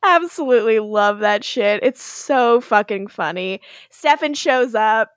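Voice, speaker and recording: A woman's voice: fairly high pitch, animated, measured pace, no room sound, studio quality. A woman co-hosting a casual TV rewatch podcast, giggling, swearing freely and acting out the characters. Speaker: podcast co-host.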